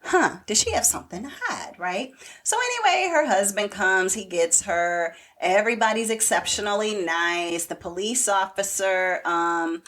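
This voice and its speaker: Woman, podcast co-host, casual and animated recap, mid-pitched. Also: normal speed, few pauses. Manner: chatty, animated retelling with acted-out quotes. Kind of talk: casual chat recapping a TV show.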